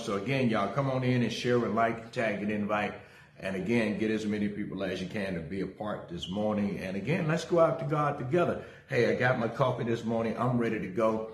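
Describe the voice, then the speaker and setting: A man's voice: fairly low pitch, a little fast. A middle-aged male pastor giving a casual livestream sermon. He talks energetically, greets viewers by name and tells a story from his own life. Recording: roomy echo.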